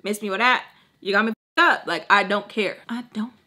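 Woman vlogger, twenties, storytime over makeup; crisp bright tone, blunt and profane, mixes in Spanish. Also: medium pitch, a little fast. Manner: blunt, profane, peppers speech with Spanish and fillers. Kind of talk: casual storytime while doing makeup.

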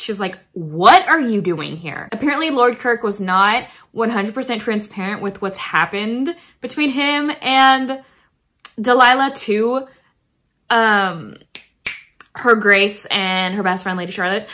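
A woman's voice: medium pitch, sharp tone. A young woman vlogger chatting enthusiastically about romance books, with lots of fillers. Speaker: book vlogger. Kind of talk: casual book talk.

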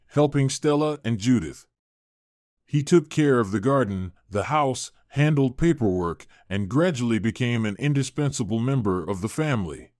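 A man narrating a scripted drama story with an expressive delivery. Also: medium pitch, dry recording, clean studio sound.

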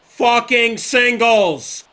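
A young man commentating his own video game play, excitable and cursing, swinging from loud outbursts to low muttering. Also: very slow. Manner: excitable, swears often, swings from yelling to muttering. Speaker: gaming YouTuber. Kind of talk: live gameplay commentary.

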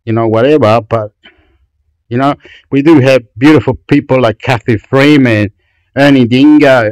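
Loud, gushing, and repetitive, this male YouTube vlogger swears heavily while rambling excitedly about what's on screen. His mid-range voice moves at normal speed, recorded dry and close with no room sound on a low-quality recording.

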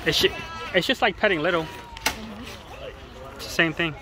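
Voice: mid-range voice, normal speed. Playful parent vlogging outdoors, crowd around. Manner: encouraging, playful, addresses viewers as guys. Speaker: parent vlogging a family outing. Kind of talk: casual vlog narration to viewers. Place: outdoor zoo. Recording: outdoor recording with crowd noise. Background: crowd of visitors.

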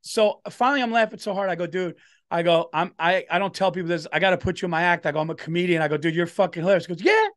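A man's voice: high-pitched, steady tone, very fast, fairly bright tone. A middle-aged man, a comedian telling a story on a podcast and doing the voices of the people in it. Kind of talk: casual storytelling chat.

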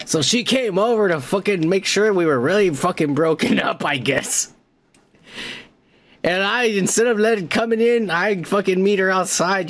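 Profane, high-voiced man hosting a podcast. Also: normal speed, a bit bright. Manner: profane, rambling and laughing. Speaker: podcast host. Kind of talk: casual comedic storytelling.

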